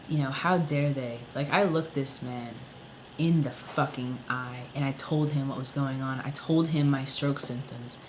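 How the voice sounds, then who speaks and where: In a low-quality recording with slight hiss or hum, a man of medium pitch vents furiously on his vlog. He's a songwriter, and his profane, casual rant is full of fillers like "like" and "you know."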